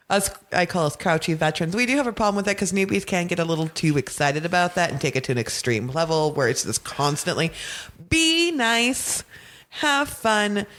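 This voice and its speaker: Woman podcast guest, profane, laughing, mid pitch. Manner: laughing, profane, animated storyteller. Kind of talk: casual podcast chat.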